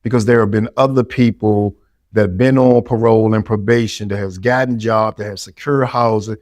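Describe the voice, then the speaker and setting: A man's voice: fairly low pitch, fairly even intonation, moderate pace, a little mellow, dry recording. A middle-aged man, giving earnest, encouraging answers as a podcast guest.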